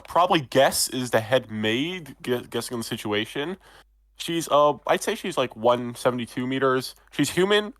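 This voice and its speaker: A man narrating as game master of a tabletop role-playing game, relaxed and meandering with frequent ums. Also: medium pitch, no echo.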